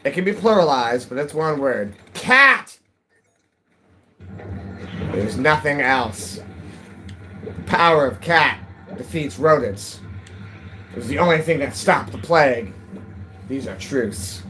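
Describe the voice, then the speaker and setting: A man's voice: on the high side, expressive, unhurried, fairly bright tone, a little hiss or hum, low-quality recording. A man live-streaming a game, chatting casually with viewers in a rambling, jokey way, his voice cracking. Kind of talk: casual live-stream chat while gaming.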